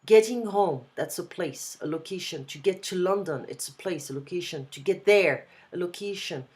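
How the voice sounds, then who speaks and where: A woman with a French accent tutoring a student over a video call in a casual one-on-one lesson, explaining slowly and repeating example phrases. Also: fairly low pitch, a little mellow. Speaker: language tutor.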